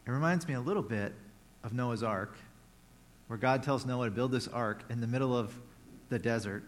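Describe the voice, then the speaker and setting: A male preacher retells a scripture story in an easygoing, conversational way. He slips in playful asides as he goes. His voice sits at a medium pitch. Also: normal speed. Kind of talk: sermon.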